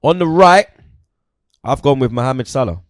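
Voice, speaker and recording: A man's voice: medium pitch, lively intonation, normal speed, no room sound, studio quality. A young man chatting casually about football as host, peppering his talk with slang like "you get me" and "blood".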